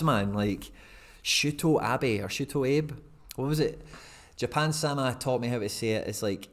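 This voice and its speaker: A young man chats loosely on a live stream, wandering from thought to thought and chuckling at his own asides. His voice sits at an everyday middle pitch, easygoing and conversational. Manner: rambling, chatty, laughs at himself. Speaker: fantasy football streamer. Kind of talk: casual live-stream commentary.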